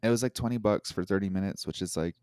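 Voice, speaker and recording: A man's voice: sits low, quick pace, smooth, no room sound, studio quality. A man guesting on a podcast, chatting casually and playfully mimicking people he met. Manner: lively, playful voices for quotes. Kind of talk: casual interview chat.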